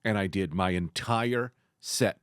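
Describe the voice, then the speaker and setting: A man's voice: deep voice, slow pace, no room sound, clean studio sound. A man co-hosting a comedy podcast, telling stories in a casual chat and acting out the lines. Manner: animated storytelling, acts out lines.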